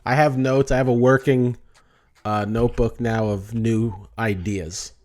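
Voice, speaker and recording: Rambling New Jersey comedian. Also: male voice, medium pitch, steady tone, unhurried, a little mellow. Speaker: podcast co-host, comedian. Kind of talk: casual chat.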